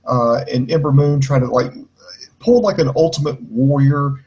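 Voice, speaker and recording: A man's voice: mid-range voice, normal speed, darkish tone, lo-fi sound. A man giving a heated, mocking wrestling show review in casual podcast talk, ranting and mimicking the people he criticizes.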